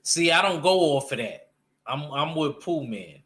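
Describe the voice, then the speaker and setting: A man's voice: a little high, animated, measured pace, fairly bright tone. A man chatting casually and animatedly about comics, using loose slang and restarting his sentences often. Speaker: panel guest discussing comics. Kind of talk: casual chat.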